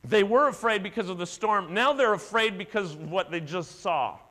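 A man's voice: high-pitched, moderate pace, bright, forceful tone. A man preaching a sermon as pastor, telling the story dramatically and acting out the voices. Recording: echoey hall with mains hum.

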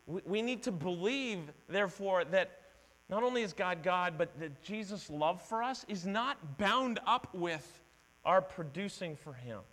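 A man's voice: high-pitched, lively intonation, measured pace, fairly bright tone. A middle-aged male pastor preaching a conversational, earnest sermon in a church. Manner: conversational, earnest, acts out quoted voices. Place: church sanctuary. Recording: long hall reverb with mains hum.

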